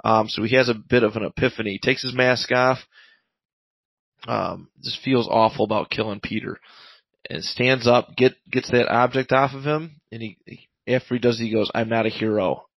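Man, gravelly, dry close sound, rambling comic recap, lots of fillers. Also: mid-range voice, steady tone, moderate pace, a bit bright, no room sound, poor audio. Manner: rambling recap full of fillers, paraphrasing lines. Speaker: podcast co-host reviewing comics. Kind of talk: casual chat recapping a comic.

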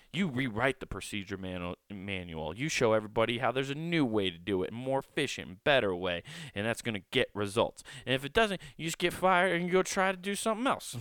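A man with a lowish, smooth, resonant voice riffs sarcastically through comedic podcast commentary. He swears casually and laughs at his own jokes. The sound is close and dry. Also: expressive, normal speed, a bit bright, no room sound. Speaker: podcast host.

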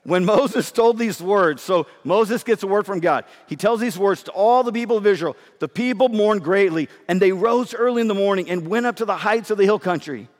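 A male pastor delivers a sermon in a high voice, emphatic and conversational. He is losing his voice and sounds hoarse and winded. His words ring out with a long reverb in an echoing hall. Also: brisk, few pauses.

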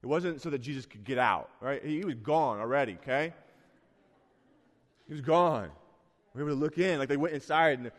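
A man's voice: medium pitch, brisk, long pauses. Man preaching with earnest, rising emphasis. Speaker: pastor. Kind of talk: sermon. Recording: long hall reverb.

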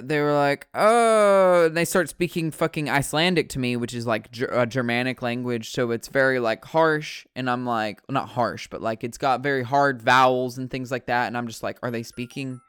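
Smooth-voiced man rambling casually. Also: mid-range voice, steady tone, moderate pace, a bit bright, no room sound, clean studio sound. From United States. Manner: rambling, profane, self-correcting.

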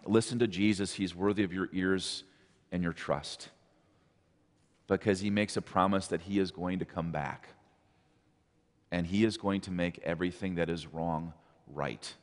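A man's voice: low voice, measured pace, pauses often, in a large hall. A man preaching a sermon, earnestly repeating his exhortations. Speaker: pastor.

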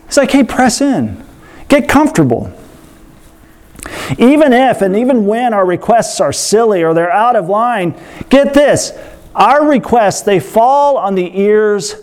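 A man preaching a sermon in a lively, conversational way, acting out quotes with playful voices. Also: very high-pitched. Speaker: pastor.

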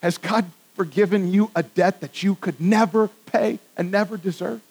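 A man with a high voice preaches a sermon in a church, talking in a casual, conversational way. He drops to a hush for reflective points and rises to loud emphasis when he drives a point home. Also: steady tone, moderate pace, creaky, slightly rough, low-quality recording. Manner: conversational, swings from hushed to emphatic. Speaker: pastor. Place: church with congregation.

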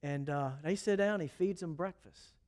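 A man preaching a sermon in a chatty, animated storytelling way, adding asides and chuckles. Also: fairly high pitch, normal speed, clear, resonant tone.

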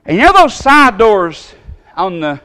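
Preacher, storytelling, a bit high-pitched, animated, acts out the voices. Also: male voice, a little slow. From Tennessee. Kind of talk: storytelling sermon.

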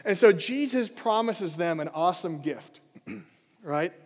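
A man giving a casual, energetic sermon as pastor, emphatic and chatty, rallying his listeners. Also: high-pitched, a little slow. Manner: chatty, emphatic, rallies the crowd. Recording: long reverb of a large hall.

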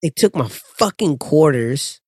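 Dude with a slightly high voice ranting blunt and sweary, dry close recording. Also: male voice, animated, unhurried, slightly rough, no echo. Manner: blunt, profane, exasperated storytelling. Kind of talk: casual chat.

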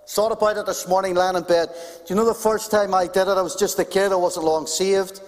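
Animated preacher in hall. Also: male voice, high voice, fairly quick. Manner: animated, conversational preaching with humor. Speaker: pastor. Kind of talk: sermon. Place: church. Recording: long hall reverb.

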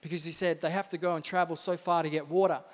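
A male pastor preaching an energetic, emphatic sermon with lots of repetition in a church. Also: fairly high pitch, quick pace. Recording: reverberant church hall.

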